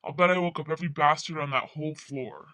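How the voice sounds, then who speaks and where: A man's voice: fairly high pitch, quick pace, bright, forceful tone, slight background noise, rough recording. A young man narrating in voice-over as a restless, gloomy teenage boy, with a rambling, confessional manner and casual cursing.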